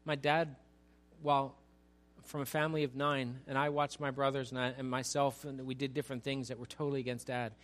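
A pastor's mid-range male voice, level in tone, a bit bright and slightly quick, carries a conversational sermon. He throws in asides to the congregation and climbs to an emphatic, raised delivery.

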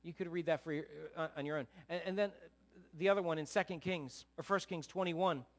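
A man preaching a sermon in a conversational way, with animated, emphatic peaks and frequent asides to the listeners. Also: on the high side, fairly quick. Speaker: pastor.

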